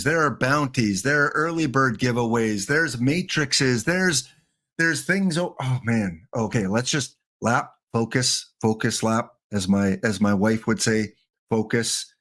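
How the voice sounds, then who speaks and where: A man hosts a casual livestream, rambling and joking straight to his viewers. His voice sits at a middle pitch, and he sounds a little winded as he talks. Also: a little slow, fairly bright tone. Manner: rambling, playful, talks to chat. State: a bit winded. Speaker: livestream host.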